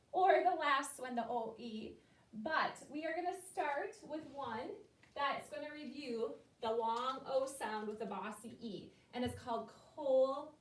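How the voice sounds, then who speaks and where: A woman teaching a phonics lesson to young children, slowly sounding out words in a patient way. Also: high voice. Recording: echoey room from far off.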